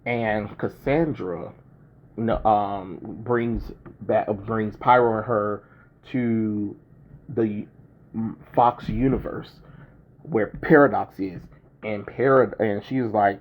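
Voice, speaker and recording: A man's voice: lowish voice, fairly even intonation, slow pace, a little hiss or hum. A young man casually recapping a film's plot, rambling with many ums and restarts. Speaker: movie reviewer. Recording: dull lo-fi recording.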